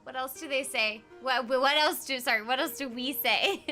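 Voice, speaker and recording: Bubbly high-voiced woman streamer. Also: moderate pace, sharp tone, soft background music. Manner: bubbly, giggly, rambling. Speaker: streamer and voice actor. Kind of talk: casual game stream chat.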